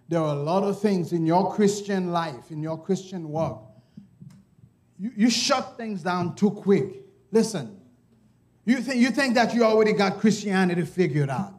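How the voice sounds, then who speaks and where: A man preaching a sermon, emphatic, repeatedly urging "listen", swinging from hushed asides to shouted lines. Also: on the high side. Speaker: pastor. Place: church service.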